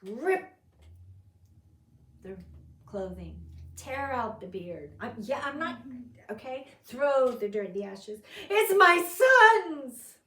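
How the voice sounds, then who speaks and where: A woman's voice: mid-range voice, lively intonation, slow pace, long pauses, far from the mic. A woman teaching a Bible study, telling the story dramatically and acting out the characters' lines. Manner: dramatic, acts out quotes with sudden loud outbursts. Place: fellowship meeting room. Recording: roomy sound from off the mic.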